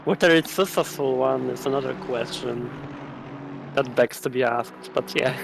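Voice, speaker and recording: A man with a middle-pitched voice co-commentates a sim race. He chimes in with short, dry, joking remarks. Loud race car noise runs behind him. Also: moderate pace, gravelly. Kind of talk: live sim racing commentary.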